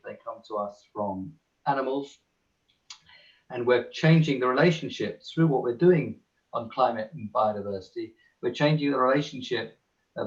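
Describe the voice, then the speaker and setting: A man giving a measured, emphatic webinar talk from home over a video call, pausing often with "uh". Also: medium pitch, highs cut off. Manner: measured, emphatic, frequent "uh" pauses. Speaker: panel speaker. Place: home in the countryside.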